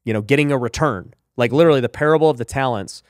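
A man in a podcast conversation talks with emphatic conviction, dropping in "right?" and "you know" as he goes. His voice sits at a middling pitch and sounds close and dry. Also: racing, dry recording. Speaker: podcast host. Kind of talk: casual faith and business talk.

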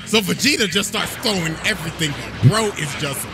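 A man casually narrating a comedic anime recap in an animated, playful way, full of crude slang. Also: high voice, fairly quick. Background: music.

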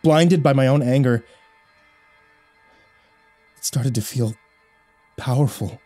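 Horror narrator, male, mellow dark voice, soft music under it. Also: mid-range voice, takes it slowly. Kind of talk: scripted first-person horror narration.

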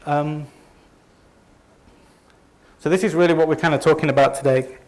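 A man's voice: fairly high pitch, fairly even intonation, normal speed, a little mellow. A man from Leeds with a Northern English accent, giving a conversational, self-deprecating presentation to a live audience. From north of England. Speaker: company presenter.

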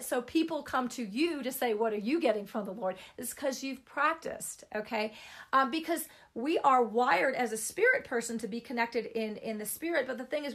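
A woman's voice: fairly high pitch, fairly bright tone. A middle-aged woman giving an informal Christian teaching talk, chatty and emphatic, repeating words for stress.

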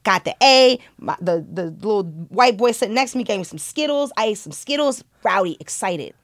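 A young woman telling a story in casual podcast chat, animated and excitable, swearing freely. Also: mid-range voice, normal speed, no echo, studio quality. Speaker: podcast co-host.

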